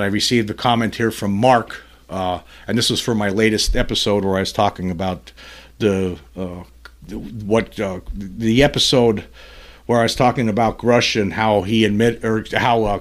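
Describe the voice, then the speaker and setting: A man hosting a solo commentary podcast, talking in a rambling, heated way, full of restarts and fillers. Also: fairly low pitch. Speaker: podcast host.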